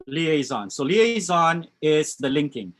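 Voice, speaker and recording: A man's voice: a little high, sing-song, takes it slowly, fairly bright tone. A man with a West Coast American accent teaching a live online English class, reading out chat answers and commenting on them.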